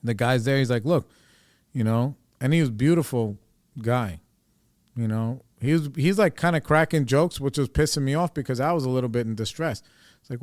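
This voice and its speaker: A man's voice: medium pitch, moderate pace, darkish tone, no echo, clean studio sound. A man hosting a podcast, telling a personal story in a casual, rambling way, full of fillers and swearing. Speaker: podcast host.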